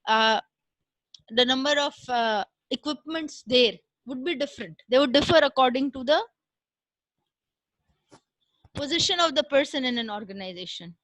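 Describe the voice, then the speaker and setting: Woman lecturer, high voice, explains patiently with filler pauses. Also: expressive, fairly bright tone, dry recording, rough recording. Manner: explains step by step with frequent "uh" pauses and "right?" checks. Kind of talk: recorded classroom lecture.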